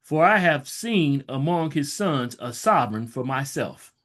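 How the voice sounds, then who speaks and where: Animated man teaching from scripture. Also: on the high side. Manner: reads verses slowly, then breaks into loose conversational asides. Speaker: Bible teacher. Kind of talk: scripture reading with casual commentary.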